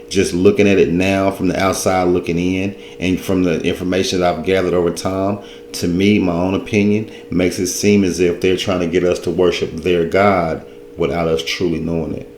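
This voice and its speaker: Deep-voiced man rambling in an echoey room. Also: a little mellow, a little hiss or hum. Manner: rambling, informal, restarts and self-corrections. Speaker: video commentator. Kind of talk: casual commentary.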